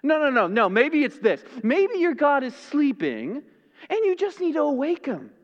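Man acting out sarcastic prophet, high lively taunts, teasing and exaggerated. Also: moderate pace, big-room sound, highs cut off, exaggerated voice. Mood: mocking. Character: sarcastic mocking male prophet taunting rivals.

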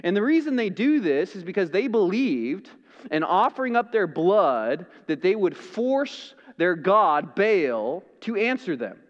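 A man preaching a sermon as pastor, dramatic, swinging from loud to hushed. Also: high-pitched, very animated, measured pace, big-room sound, muffled recording.

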